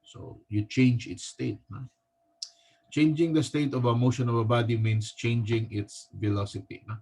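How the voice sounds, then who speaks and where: A male teacher with a Filipino accent giving a recorded physics lecture, halting often and tagging his sentences with a questioning "no?". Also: mid-range voice, fairly even intonation, vocal fry, a little mellow. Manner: halting, with frequent restarts.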